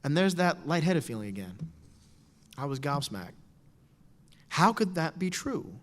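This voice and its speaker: A middle-aged man telling a wry personal story to an audience in a lecture hall. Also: high voice. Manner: animated, wry, storytelling with quoted voices. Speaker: speaker giving a talk. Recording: lecture hall with long reverb.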